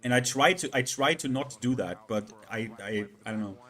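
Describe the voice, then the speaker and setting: Guy chatting on his stream, keeps stumbling and repeating himself, normal pitch. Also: pushed and bright. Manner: halting, repeats words, many fillers. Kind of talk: casual live-stream chat.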